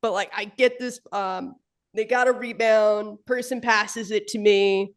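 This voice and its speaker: Woman, podcast co-host, casual chat, self-deprecating, halting restarts, dry close sound. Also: mid-range voice, steady tone, dry recording.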